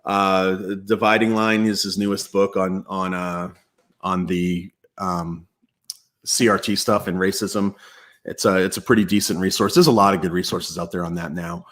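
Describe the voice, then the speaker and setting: A man hosting a casual live-stream Q&A from an indoor desk mic, chatty and relaxed, with many fillers and restarts. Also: deep voice, normal speed. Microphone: external mic at home computer.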